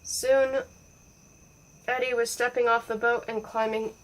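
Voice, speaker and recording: A woman reading a children's storybook aloud in a playful, expressive way. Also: a little high, unhurried, recorded from a distance, poor audio. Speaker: audiobook reader. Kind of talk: storybook narration.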